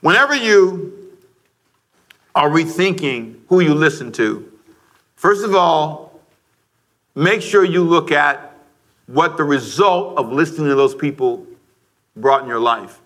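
A middle-aged man preaching a sermon to a congregation, lively and joking, rising to shouts. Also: on the high side, takes it slowly, long pauses. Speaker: pastor. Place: church sanctuary before a congregation.

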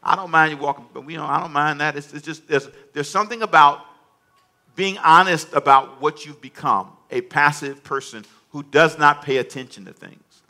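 A man's voice: on the high side, normal speed, bright, forceful tone. A male pastor preaching a sermon, emphatic and humorous, in a storytelling manner.

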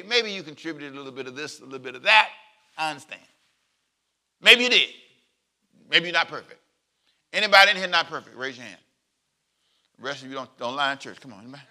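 A male pastor delivers a sermon in a very bright, somewhat high voice. He is animated, acts out the voices in his stories, and pulls the congregation into call and response. He jokes easily between points.

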